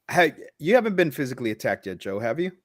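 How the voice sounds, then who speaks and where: A man hosting a podcast in loose, casual chat, swearing freely and laughing often. His voice is mid-pitched and dry, close to the mic. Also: very animated, fairly quick, no room sound. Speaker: podcast host.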